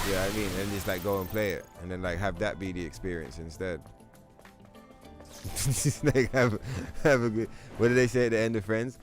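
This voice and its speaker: Game music plays as a young livestream host chats loosely about his game in a low, slightly fast voice. He rambles, swears and fills his talk with filler words.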